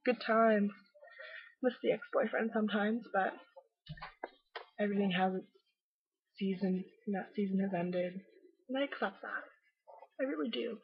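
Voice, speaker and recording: A woman's voice: medium pitch, a little slow, gravelly, pauses often, breathy edge, no room sound. A chatty young woman, talking casually to her camera at home in a gossipy vlog. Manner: chatty, gossipy, acts out quoted people. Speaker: vlogger. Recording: dull, dry lo-fi webcam audio.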